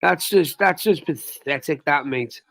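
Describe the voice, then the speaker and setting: A man's voice: fairly high pitch, measured pace, gravelly, fairly bright tone, dry recording. A man rambling in casual livestream chat, repeating phrases and asking "you know what I mean". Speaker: livestream co-host.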